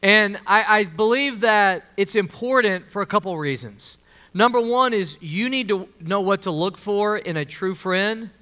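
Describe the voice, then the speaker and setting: A male pastor delivering a conversational sermon in a high, bright voice. He talks with the congregation rather than at them, asking questions and drawing out amens.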